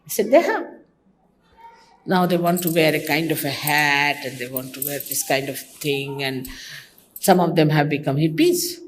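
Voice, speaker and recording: A woman's voice: sits low, normal speed, slight background noise. An older woman from India, a spiritual teacher giving a conversational devotional talk to her followers, teasing and mimicking others. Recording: archival talk recording.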